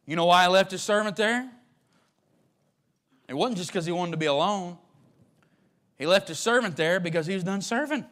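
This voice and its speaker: A man preaching a sermon as pastor, dropping to a hushed low voice and then climbing to loud, shouting peaks, repeating phrases in a folksy way. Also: normal speed, long pauses.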